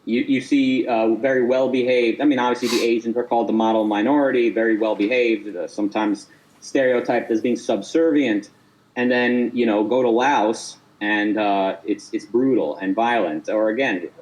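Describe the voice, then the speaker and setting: A man's voice: medium pitch, steady tone, moderate pace, a little mellow, poor audio. A man in a casual debate call, talking hesitantly with frequent stammers and restarts as he presses his point.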